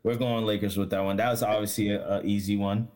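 A man's voice: lowish voice, flat delivery, fast talker, darkish tone. A man hosting a casual sports chat, rambling with fillers and restarts and laughing often. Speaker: podcast host.

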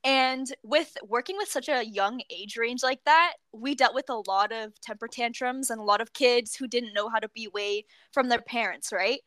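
A young woman co-hosting a casual chat, telling work stories in a giggly, animated way. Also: a little high, normal speed, hardly any pauses, no room sound. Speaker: podcast co-host.

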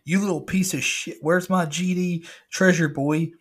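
A man's voice: on the high side, fairly even intonation, a little slow, breathy edge, pitched above the performer's own voice. A man voicing a huge, furious animatronic pirate who bellows cursing threats. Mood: menacing.

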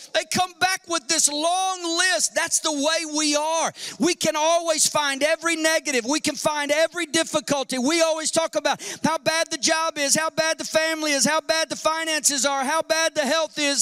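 A male pastor preaching a sermon in an animated style, firing off rhetorical questions and acting out quotes. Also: very high-pitched. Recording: long hall reverb.

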